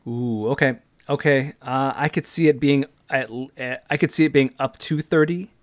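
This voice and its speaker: A man in his thirties, co-hosting a casual gaming podcast and walking through how a game plays, step by step and with animated energy. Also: medium pitch, moderate pace. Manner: animated, explains games step by step. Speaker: podcast co-host.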